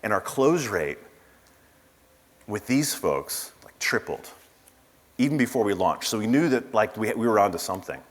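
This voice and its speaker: Casting: man with a low voice, casual keynote speaker full of asides, heard in a reverberant conference hall. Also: lively intonation, moderate pace, long pauses. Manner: casual storytelling with asides and fillers.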